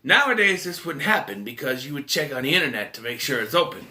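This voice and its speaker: A man's voice: mid-range voice, big pitch swings, fast talker, bright, forceful tone. A man giving a casual, rambling solo movie review, with many restarts and fillers.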